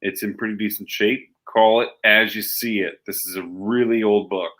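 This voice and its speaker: A man co-hosting a live comic shopping stream, pitching books and games with animated asides. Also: moderate pace, low-quality recording. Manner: animated, acts out story voices. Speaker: co-host selling comics.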